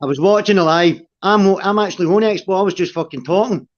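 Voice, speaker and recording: A man's voice: high-pitched, fast talker. A man telling a story in casual livestream chat, sweary and repeating himself as he goes. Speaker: live stream panelist. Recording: dull lo-fi stream audio.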